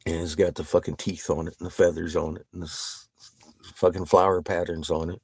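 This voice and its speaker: A man chatting casually with viewers on a livestream. He swears constantly, gets excited and laughs often. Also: deep voice, fairly quick, slightly rough, dry recording.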